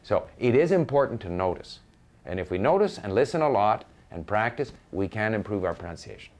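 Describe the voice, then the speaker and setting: A man's voice: on the low side, very animated, a little fast, a little mellow, slight background noise. An older man giving conversational advice on learning languages, often restarting his sentences and spelling words out letter by letter.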